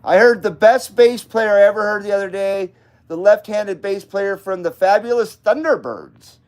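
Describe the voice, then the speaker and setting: A man's voice: sits high, moderate pace, darkish tone. A man hosting a late-night live stream, chatting loosely and cussing as he greets viewers by name and talks about his radio gear. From Nevada, US. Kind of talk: casual rambling live-stream chat.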